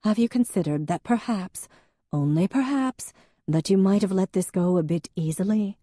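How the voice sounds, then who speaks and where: A woman's voice: medium pitch, normal speed, dark tone, no room sound, studio quality, pitched above the performer's own voice, close to an everyday voice. A woman narrator voicing an elegant, witty older sister who speaks grandly. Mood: teasing. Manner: grand, teasing.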